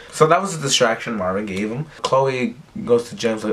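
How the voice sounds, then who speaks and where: A man's voice: medium pitch, moderate pace, hardly any pauses. A young man giving a casual recap, rambling and full of fillers. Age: young adult. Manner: rambling, filler-heavy retelling. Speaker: recap vlogger.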